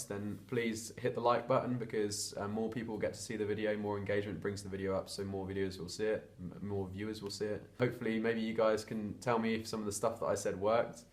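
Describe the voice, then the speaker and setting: A young man from England talking casually to camera, chatty and hesitant with lots of fillers and restarts. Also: lowish voice. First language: English. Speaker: vlogger.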